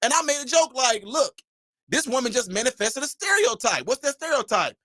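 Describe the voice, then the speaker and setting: Man ranting on his channel, lively swooping pitch, bright forceful tone, dry close sound, shouts his punchlines, preachy and emphatic. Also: brisk, no echo. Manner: mocks imagined critics in a mimicking voice. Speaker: channel host. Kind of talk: animated commentary rant.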